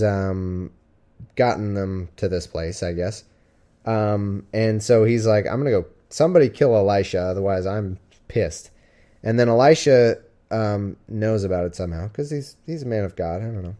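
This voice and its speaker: A man with a low-leaning, mellow voice hosts a podcast livestream from home, his cat with him. He chats casually and rambles, full of jokes and fillers.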